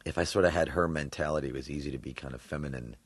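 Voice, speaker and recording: A man from New York, a voice actor, answering interview questions in an animated way, laughing often and thinking aloud with fillers. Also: a bass voice, racing, breathy edge, no room sound. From New York, USA. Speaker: voice actor guest.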